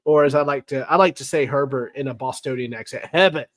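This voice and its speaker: A man's voice: medium pitch, steady tone, quick pace. A man hosting a casual live-stream football recap, chatty and wry, teasing his chat with sarcasm. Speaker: sports show host.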